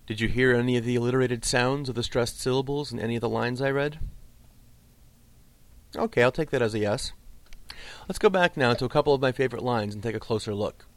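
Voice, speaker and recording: A man teaching a lesson on Old English poetry, explaining patiently and slowing right down to recite the verse. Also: medium pitch, no room sound. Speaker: literature teacher.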